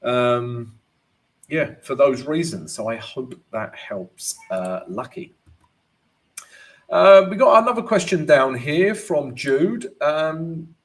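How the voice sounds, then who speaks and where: Hosting a live trading session of chart analysis and viewer Q&A, this man talks slowly in a mid-range voice with lively intonation. He keeps it casual and chatty, addressing everyone as guys, tossing in "right?" a lot, and chuckling at his own jokes.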